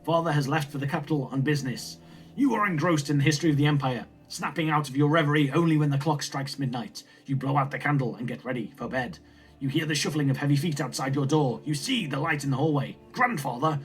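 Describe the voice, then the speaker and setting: A young man reading a story game aloud as a gaming storyteller, in steady, expressive narration. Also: a little high, breathy edge.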